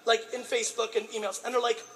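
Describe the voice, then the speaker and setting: A man's voice: very high-pitched, little pitch movement, fast, vocal fry, fairly bright tone, slight background noise. A man giving a motivational speech, pleading and ranting with heavy profanity and emphatic repetition. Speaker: motivational speaker. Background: background music.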